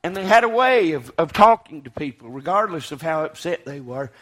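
A man preaching a sermon, swinging from loud, fervent declaiming to hushed, quiet lines. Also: a little high, lively intonation, a little fast.

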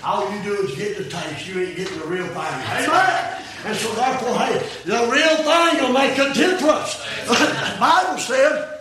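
An older man preaching a fiery sermon about his own life, swinging from shouted peaks to low, quiet asides in a folksy, plain-spoken way. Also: lively intonation, moderate pace, hardly any pauses, a crowd in the background. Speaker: preacher giving his testimony. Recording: echoey room, voice from a distance.

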